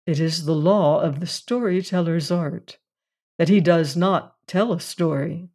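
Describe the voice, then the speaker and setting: Slow, measured audiobook reader. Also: mid-range voice, a little mellow. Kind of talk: scripted narration of a classic mystery story.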